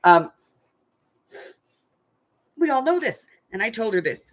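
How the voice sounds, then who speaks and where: A woman's voice: a little high, very animated, takes it slowly. An older woman, a craft channel host, chatting frankly and laughing as she tells family stories. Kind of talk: casual storytelling chat.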